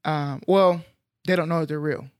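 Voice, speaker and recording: A man's voice: a little high, moderate pace, clear, resonant tone, no room sound, studio quality. Laid-back man on a podcast. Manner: relaxed, rambling, uses slang and fillers. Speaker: podcast co-host. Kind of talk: casual chat.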